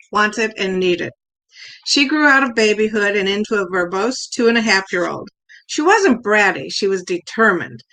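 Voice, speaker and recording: A woman's voice: mid-range voice, pushed and bright, low-quality recording. An older woman reading her own humorous family story aloud, acting out the quoted lines as she goes. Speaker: contest winner reading her piece.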